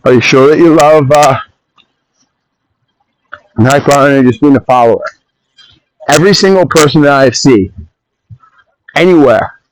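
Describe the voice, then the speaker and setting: Male solo podcaster, slightly high voice, casual and rambling, slides into opinionated rants, phone recording. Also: a little slow, long pauses, poor audio.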